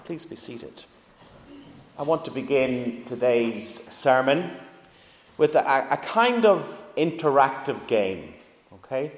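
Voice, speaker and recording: A man's voice: mid-range voice, animated, takes it slowly. Male pastor; chatty, engaging preacher who asks his congregation questions; recorded with long church reverb. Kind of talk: sermon. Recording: echoey church hall reverb.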